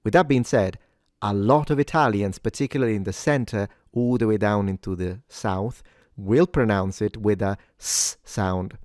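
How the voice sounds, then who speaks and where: A man hosting a pronunciation lesson, speaking clearly and deliberately, and slowing down to model each word. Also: fairly low pitch, a little mellow, no room sound, clean studio sound. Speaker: pronunciation teacher.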